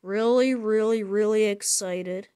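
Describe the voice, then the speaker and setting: A woman narrating her own plush toy skit in a chatty, repetitive way, talking through each step out loud. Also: mid-range voice, a little slow, clean tone. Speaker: plush video maker.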